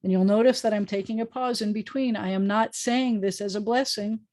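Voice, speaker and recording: A woman's voice: mid-range voice, fairly even intonation, brisk, darkish tone. A woman rabbi teaching a prayer book Hebrew lesson over a video call, explaining patiently with frequent ums. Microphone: video call microphone.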